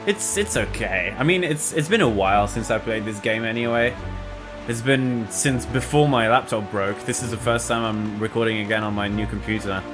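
A man's voice: fairly low pitch, normal speed. Profane joking man over game music. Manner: profane, joking, talks to himself. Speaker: gameplay commentator. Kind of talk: casual let's play commentary. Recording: game music loud behind.

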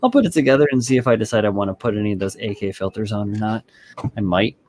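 A man's voice: fairly low pitch, animated, quick pace, a little mellow. A man hosting a casual hobby stream, chatting loosely and swearing offhandedly while he shows a model build. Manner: laid-back, rambling, swears casually. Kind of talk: casual chat on a group stream.

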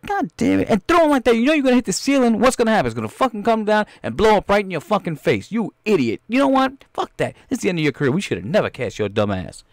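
A man's voice: fairly low pitch, big pitch swings, fast talker, few pauses, no echo, clean studio sound. A man voicing a hot-tempered, foul-mouthed film director who bosses an actor around. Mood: furious. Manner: coaxing, then yelling insults.

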